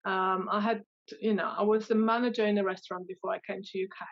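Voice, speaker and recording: Guest woman, dog trainer; halting, filler-heavy speech; muffled lo-fi audio. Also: mid-range voice, fairly even intonation. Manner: hesitant, many fillers and restarts. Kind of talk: interview answers.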